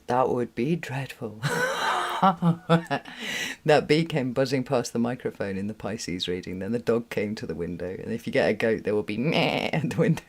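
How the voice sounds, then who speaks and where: British woman, tarot reader hosting a home live stream. Casual, rambling, quick to laugh, swears freely. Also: rumbling low, a little mellow. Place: room at home with a window.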